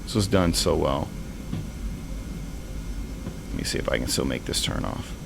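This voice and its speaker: A man's voice: rumbling low, lively intonation, unhurried, gravelly, background noise. A man streaming a flight simulator, thinking aloud in casual, rambling commentary.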